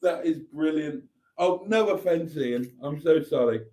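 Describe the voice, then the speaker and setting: A man's voice: fairly high pitch, a little slow, dark tone. Man reading his live chat. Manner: reads viewer comments aloud, chuckling often. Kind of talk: casual live stream chat.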